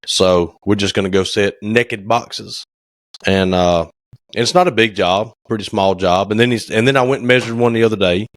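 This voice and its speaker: A cabinet maker co-hosts a casual podcast, telling folksy stories and acting out phone calls along the way. His voice is lowish and moderately paced, captured in clean studio sound with no room.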